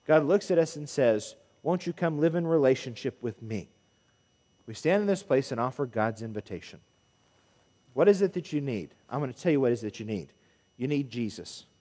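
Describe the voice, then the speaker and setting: A man, a minister preaching a sermon to his congregation in an animated way, with emphatic calls to the people. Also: medium pitch. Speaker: pulpit minister. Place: church sanctuary. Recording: long church reverb.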